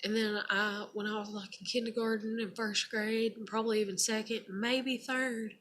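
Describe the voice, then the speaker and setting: A woman's voice: fairly high pitch, flat delivery, normal speed, a bit bright, slight background noise. A young woman casually telling a personal story, rambling and blunt, with lots of fillers and casual swearing. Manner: rambling, heavy on fillers like "like" and "you know". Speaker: vlogger.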